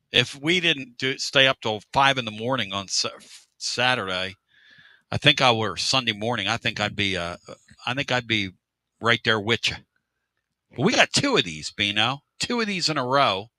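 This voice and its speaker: A middle-aged man hosting a casual sports radio show, joking, with loud outbursts and drawn-out catchphrases. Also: mid-range voice, dry recording.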